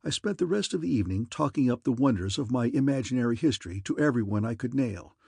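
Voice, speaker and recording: A man's voice: medium pitch, animated, fast talker, vocal fry, darkish tone, slightly rough, dry recording. A man reading an audiobook in wry, easygoing first-person narration.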